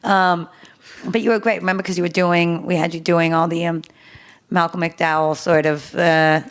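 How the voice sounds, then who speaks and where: A woman's voice: on the low side, level tone, moderate pace, smooth. A woman guest on a podcast chatting casually in a dry, wry and rambling way. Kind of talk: casual chat.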